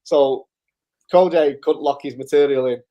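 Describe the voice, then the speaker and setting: A man hosts a live-stream recap in a warm, mid-range voice at a measured pace, though the audio sounds dull. He chats casually, swears freely and chuckles his way through his stories as a loose storyteller.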